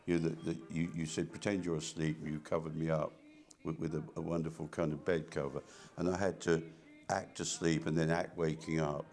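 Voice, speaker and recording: An older man, an artist being interviewed, reminiscing casually in a halting way, with many restarts and repeated words. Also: extremely low pitch, flat delivery, a little mellow.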